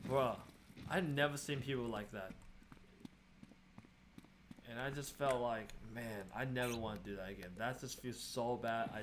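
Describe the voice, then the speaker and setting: A man's voice: mid-range voice, fairly even intonation, moderate pace, long pauses, a little hiss or hum. A young man venting about being swindled while he plays a game, in casual, exasperated commentary. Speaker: gaming streamer.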